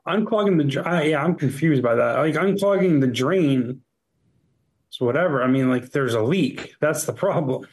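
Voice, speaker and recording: A man's voice: on the high side, expressive, normal speed, darkish tone. A man co-hosting a podcast, chatting casually with short, joking reactions. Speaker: podcast co-host. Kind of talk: casual chat.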